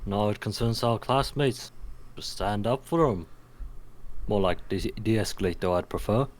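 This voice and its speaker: A man's voice: on the low side, unhurried. A man playing a tabletop game in a laid-back, casual way. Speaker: player.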